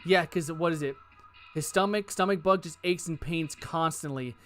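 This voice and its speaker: A man's voice: fairly high pitch, brisk, a bit bright, soft background music. A man giving casual let's-play commentary, thinking aloud, hedging and joking as he works through cases. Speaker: game streamer.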